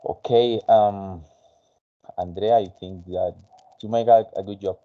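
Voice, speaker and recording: A man whose first language is Spanish, teaching an English conversation class in a halting way with many fillers. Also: fairly low pitch, fairly even intonation, muffled recording.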